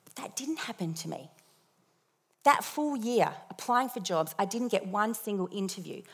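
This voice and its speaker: A young woman telling a lively personal testimony with self-deprecating humor as part of a sermon. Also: mid-range voice, moderate pace, slightly rough.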